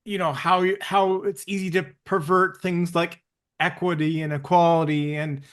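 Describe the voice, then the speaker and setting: A man co-hosting a podcast, building an argument haltingly and often repeating his words. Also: sits high, level tone. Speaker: podcast co-host and producer. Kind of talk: casual podcast chat.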